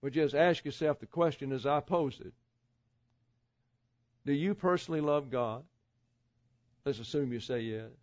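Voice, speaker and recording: A man's voice: medium pitch, a little mellow, no echo. Male pastor, sermon delivery, rhetorical questions, lo-fi dull recording. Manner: measured preaching with rhetorical questions and asides.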